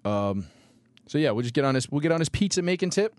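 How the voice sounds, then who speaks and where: A man's voice: fairly high pitch, very animated, fast, a little mellow, dry recording. A man co-hosting a casual podcast, laid-back and profane, tossing out ideas. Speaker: podcast co-host. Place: small podcast studio.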